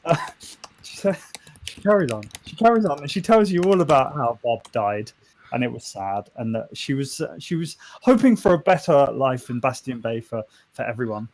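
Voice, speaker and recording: A male game master narrates an online tabletop session, stumbling over words and restarting lines as he goes. His voice moves lively up and down through mid pitch. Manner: halting, full of restarts and fillers, joking.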